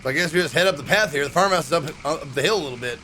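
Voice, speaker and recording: A young man streams a narrative game, chatting loosely and reading its on-screen text aloud as he goes. His voice sits a little higher than most men's. A faint hiss lies under the recording. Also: expressive, very fast, bright, forceful tone. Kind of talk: casual let's-play commentary.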